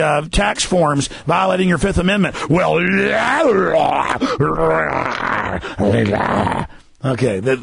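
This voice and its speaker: A man's voice: a little high, fairly bright tone, breathy edge, no room sound. A man hosting a talk radio show, delivering a fiery, heated rant.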